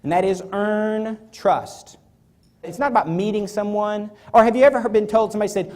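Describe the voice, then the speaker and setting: Speaking briskly in a high voice, this man gives a motivational talk on stage in front of a live audience. He's animated and acts out small scenes as he goes.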